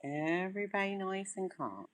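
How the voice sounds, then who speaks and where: Speaking at a moderate pace in a mid-range voice, this breeder records her litter while chatting casually to them and her viewers. Her tone is soothing as she coaxes the puppies to quiet down, while they scuffle and yap noisily behind her.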